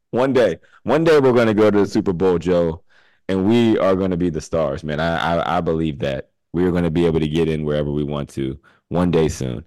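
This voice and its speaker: A man's voice: sits low, a little fast, a little mellow, no echo, rough recording. A man hosting a casual podcast, laughing often and breaking in to read sponsor spots. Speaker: podcast host.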